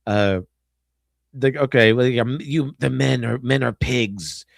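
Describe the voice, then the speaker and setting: A man's voice: medium pitch, measured pace, gravelly, dry recording, clean studio sound. A man hosting a stream, rambling through casual film commentary in a sarcastic tone, full of fillers and restarts. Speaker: stream host.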